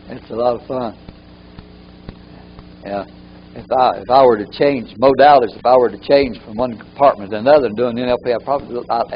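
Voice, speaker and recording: A man's voice: mid-range voice, muffled recording, a little hiss or hum. A man teaching a live training workshop, often repeating key phrases for emphasis.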